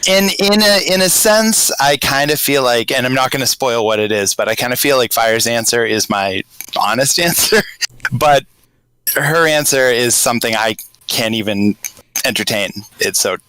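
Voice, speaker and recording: A man with a light Boston accent rambles through his thoughts on a casual podcast, full of restarts and asides. His voice is bright and forceful, heard dry and close with no room around it. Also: medium pitch, moderate pace, clear, resonant tone, dry recording, low-quality recording. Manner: rambling, hesitant, grows animated telling a scenario. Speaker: podcast panelist.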